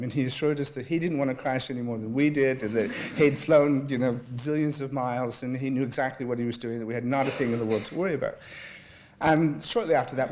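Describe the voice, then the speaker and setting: A man's voice: mid-range voice, darkish tone, a little hiss or hum. A man giving a talk, telling a humorous travel story and reading a passage aloud in a wry, self-deprecating way. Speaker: guest speaker.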